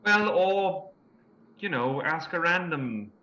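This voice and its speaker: An eager, stammering man playing a tabletop game, his high voice very bright and lively. He is heard in a roomy space on a dull mic with a faint hiss behind him. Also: slow. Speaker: player. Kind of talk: casual tabletop game chat.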